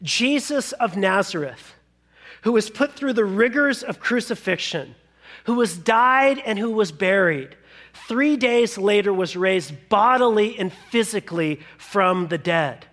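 Pastor guy, pretty high voice, animated sermon with little acted bits. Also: unhurried. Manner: animated storytelling with acted-out asides.

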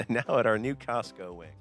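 Laughing game master guy, bouncy pitch, bright tone, rambly. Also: animated, normal speed, faint music behind. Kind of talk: casual tabletop game chat.

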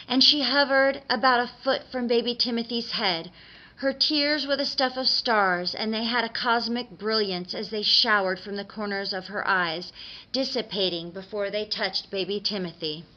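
A woman reading a dark story aloud in an expressive, dramatic way, on a dull lo-fi recording. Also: medium pitch.

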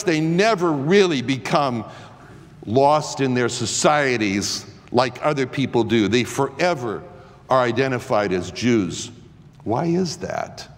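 A man with a high voice gives an impassioned lecture, asking "why?" again and again and tripping over repeated words. His speech rings out with a long hall reverb. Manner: rhetorical, repeats "why?", stumbles and restarts.

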